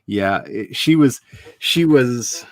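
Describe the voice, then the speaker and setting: This author and stream host has a medium-pitched voice, recorded with no echo. On his casual writing livestream he tells lively stories, laughs often, and turns tender and emotional as he looks back.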